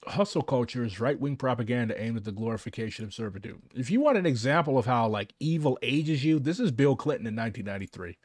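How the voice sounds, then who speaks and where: A man's voice: mid-range voice, lively intonation, fast talker, hardly any pauses, a little mellow, dry recording, studio quality. Profane young man ranting on stream. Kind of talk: casual livestream commentary.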